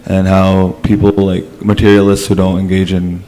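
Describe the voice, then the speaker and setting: A man's voice: sits low, monotone, normal speed, mellow, slight background noise. A man in the audience asking a hesitant question, recorded in an echoey hall from far off.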